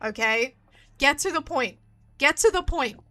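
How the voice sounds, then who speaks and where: Sitting high with lively, unhurried intonation, this woman's voice comes across pushed and bright. She's a streamer doing live let's-play commentary on a visual novel, ranting in exasperation as she swears and pleads with the screen.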